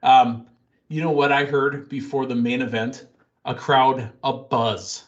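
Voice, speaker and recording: Excitable man hosting a wrestling chat. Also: mid-range voice, measured pace. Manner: excitable, jokey, storytelling. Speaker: podcast host. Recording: dull lo-fi sound.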